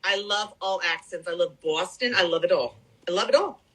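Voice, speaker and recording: A woman's voice: on the low side, moderate pace, sharp tone, slightly rough, poor audio. A woman in her forties chatting casually on a podcast, gushing and enthusiastic, often repeating herself. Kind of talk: casual chat.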